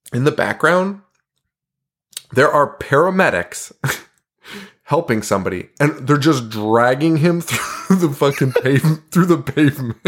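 A man chatting on a podcast in a relaxed, unscripted way. He laughs often, swears freely and acts out quotes as he retells scenes. His voice sits at an ordinary middle pitch. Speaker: podcast co-host. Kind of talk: casual chat.

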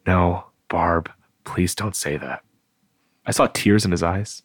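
An older man narrating a painful personal memory in a quiet, measured way. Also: low voice, fairly even intonation, no room sound. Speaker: storyteller.

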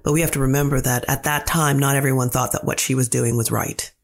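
A woman playwright being interviewed, telling stories in a lively way and acting out the quotes. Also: a bass voice, quick pace. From Canada. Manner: animated storyteller who acts out quotes. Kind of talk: casual interview talk.

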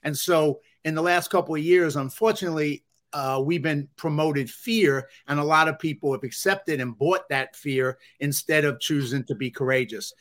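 A man's voice: fairly high pitch, normal speed, a bit bright. Upbeat man with a thick Bronx accent. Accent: Bronx New York. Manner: earnest and upbeat, with frequent "uh" and "you know". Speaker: guest. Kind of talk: conversational interview.

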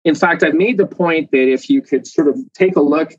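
Male scientist guest, talky and animated, lots of fillers; dry, slightly dull recording. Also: fairly high pitch, normal speed, slightly rough, no room sound. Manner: animated, filler-heavy explaining with laughs. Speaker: muscle protein scientist guest. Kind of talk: conversational interview.

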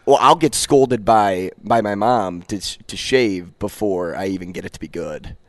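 A hoarse man in his twenties co-hosting a morning radio show, chatting casually and laughing easily at himself. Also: on the low side, moderate pace, no room sound. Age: 20s. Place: radio studio stage.

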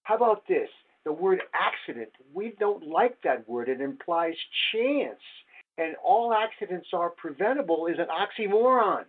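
A man's voice: high voice, sing-song, unhurried, husky. Older man lecturing over a tinny line. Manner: wry, lecturing, rhetorical questions. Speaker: safety researcher presenting. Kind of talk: webinar slide presentation. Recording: tinny phone-like audio.

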